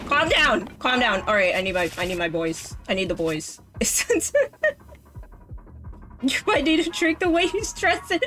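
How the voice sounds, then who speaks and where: A woman streaming a game live, excitable, talking back to the game, swearing and laughing as she plays. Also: fairly high pitch, measured pace, soft background music, low-quality recording. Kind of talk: live gameplay commentary.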